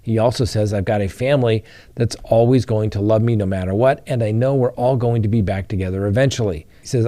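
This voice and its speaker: A man's voice: fairly low pitch, mellow. A man hosting a crime news show, explaining courtroom rules and reading out trial testimony to his viewers. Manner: explanatory, addresses viewers directly. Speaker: host. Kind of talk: legal commentary on a trial.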